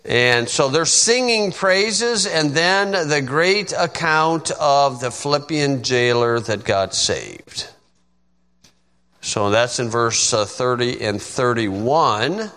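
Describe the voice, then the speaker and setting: A man's voice: medium pitch, expressive, pushed and bright. A man from the United States, a pastor teaching a Bible lesson in an informal, folksy way with joking asides. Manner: folksy, joking asides, slow deliberate delivery. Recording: long reverb of a hall.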